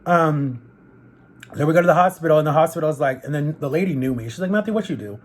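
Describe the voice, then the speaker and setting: A man tells a story on camera while eating, pausing between bites. His voice sits a little high for a man, and the telling is animated and loose, full of "like" and "literally." It is relaxed vlog chat, not a polished performance. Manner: animated, rambling, fillers of like and literally. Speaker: vlogger. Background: eating on camera between sentences.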